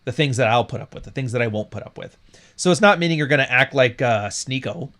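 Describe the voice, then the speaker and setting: Male podcast host, mid-pitched voice, blunt and profane, quick to laugh. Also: expressive, fairly bright tone. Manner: blunt and profane, laughing at his own jokes. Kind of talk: casual livestream talk.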